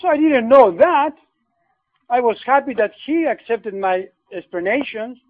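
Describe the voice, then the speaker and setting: High-voiced priest on a tinny line. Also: male voice, no echo. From Argentina. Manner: halting, repeats words, non-native grammar. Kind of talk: personal storytelling.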